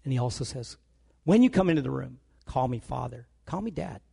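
A man preaching a sermon, telling stories with animated delivery and acting out the dialogue. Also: mid-range voice, brisk, gravelly, husky.

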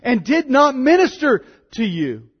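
The condemned plead in a high, strained whine, as a preacher puts them on mid-sermon. The voice jumps far above his own and gets loud. It sounds husky over a dull, lo-fi recording. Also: sing-song, a little slow, full character voice. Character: condemned crowd pleading in panicked disbelief.

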